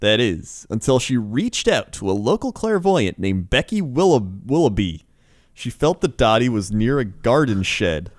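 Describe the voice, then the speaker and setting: A man's voice: mid-range voice, big pitch swings, a little slow, no echo, studio quality. A man co-hosting a comedy podcast, reading news stories aloud and laughing between them. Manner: laughs often, reads stories aloud with asides. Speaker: podcast co-host.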